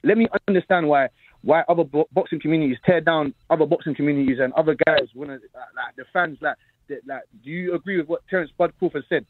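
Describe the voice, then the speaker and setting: A man with a South London accent calling in to a boxing talk show, talking fast and insistently and repeating himself. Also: fairly high pitch, dry recording. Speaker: caller. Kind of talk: call-in boxing debate. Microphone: phone call. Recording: tinny phone line.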